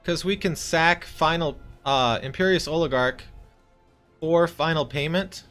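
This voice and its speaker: A man's voice: on the high side, measured pace, fairly bright tone, soft background music. Chatty man narrating his card game. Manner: chatty, talks to his opponent, mock-exasperated outbursts. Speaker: streamer playing a card game. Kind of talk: casual gameplay commentary.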